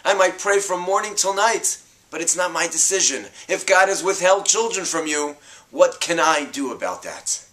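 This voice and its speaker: A man's voice: mid-range voice, sing-song, normal speed, few pauses, fairly bright tone. A man voicing an angry husband who defensively says nothing can be done.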